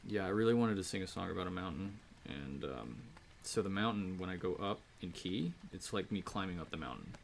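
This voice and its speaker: A streamer putting on a low, earnest, self-important songwriter. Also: creaky, slight background noise. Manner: low, quick, explaining.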